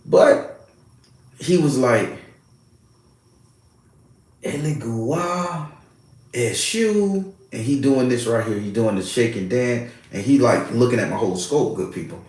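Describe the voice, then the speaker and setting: A man's voice: mid-range voice, moderate pace. A middle-aged man, a spiritual worker and host, telling a story in a casual, profane, streetwise manner. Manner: profane, animated, streetwise slang. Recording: very echoey room.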